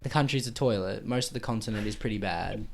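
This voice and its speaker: A man's voice: lowish voice, fast, creaky, slight background noise. A young man co-hosting a podcast, blunt, often chiming in to finish his co-host's sentences. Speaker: podcast co-host. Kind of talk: casual podcast chat.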